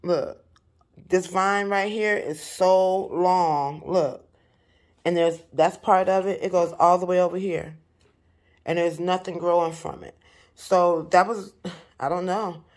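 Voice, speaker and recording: A woman's voice: fairly low pitch, a little slow. Chatty woman vlogging at home. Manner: chatty, animated, talks straight to her viewers. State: out of breath in places. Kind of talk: casual home vlog. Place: home, indoors.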